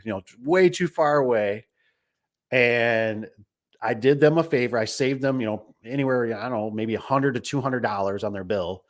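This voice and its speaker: A man's voice: medium pitch, moderate pace. A middle-aged man who runs a garage door business, casually telling stories in a rambling way, full of restarts and acted-out quotes. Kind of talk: casual storytelling.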